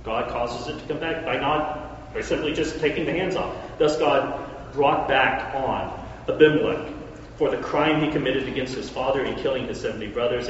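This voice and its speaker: A man with a medium-pitched voice preaches a sermon, retelling a story conversationally and tossing in joking asides. The recording sounds dull and echoey, as if made far from the mic in a hall, with slight background noise.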